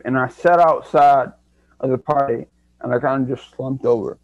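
A man's voice: mid-range voice, steady tone, moderate pace, no room sound. Young guy telling his story, reflective, kinda muffled dry recording. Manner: earnest, reflective, restarts often. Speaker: interview guest. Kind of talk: candid personal story. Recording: dry, dull lo-fi sound.

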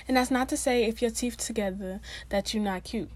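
A woman's voice: a little high, brisk, a little mellow. A young woman vlogging in a casual, chatty way, full of slang and fillers, speaking straight to her viewers. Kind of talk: casual talk to camera.

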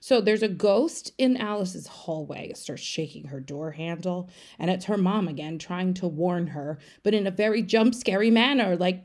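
A woman's voice: lowish voice, lively intonation, moderate pace, a little mellow. A woman giving a casual, irreverent comedic movie recap, chatty and swearing freely. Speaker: podcast segment recapper.

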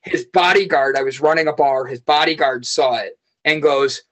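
A man with a slightly high voice tells long, rambling stories in an animated way. He swears freely in a loose, casual podcast chat. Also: normal speed. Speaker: podcast guest.

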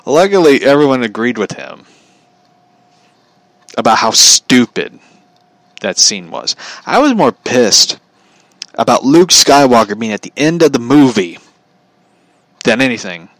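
A man's voice: mid-range voice, sing-song, slow pace, pauses often, a bit bright, no room sound. A man telling a story in a casual, opinionated rant, swearing freely and laughing at his own anecdote.

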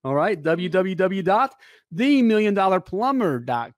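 Energetic higher-voiced male talk show host. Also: a little slow, no room sound, clean studio sound. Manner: energetic hype, peppered with "hey" and "all right". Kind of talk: live talk show hosting.

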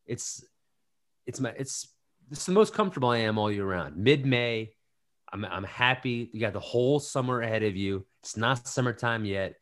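Animated playful man, lively pitch. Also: moderate pace. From New Jersey. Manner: animated, playful, repeats phrases for comic emphasis. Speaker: podcast host. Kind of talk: casual chat.

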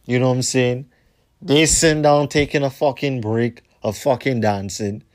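A man telling a rambling story as a podcast host, heated and profane, repeating himself and trailing off low at the ends of lines. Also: steady tone, normal speed.

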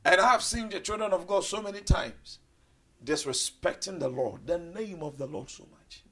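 A man preaching a sermon with passion, swinging between loud declarations and hushed low asides. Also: animated, moderate pace, a little hiss or hum.

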